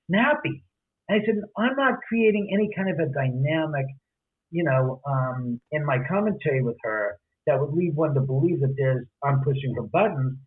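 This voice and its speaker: A man's voice: on the high side, breathy edge. A man telling a story in a podcast interview, acting out the quoted dialogue with many restarts and asides. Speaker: guest, homeowner and author. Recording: tinny phone-line audio.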